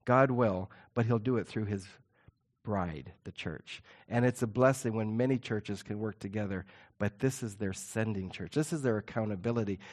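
A middle-aged man preaching a sermon to his church, earnest and emphatic, slowing down to stress key points. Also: mid-range voice. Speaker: pastor.

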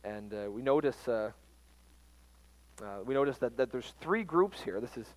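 A man preaching a casual Bible lesson in a mid-range voice, his talk halting and full of "uh"s and restarts. The sound is close and dry, with almost no room echo. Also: medium pitch, animated. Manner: halting, frequent fillers and restarts. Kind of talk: informal Bible teaching.

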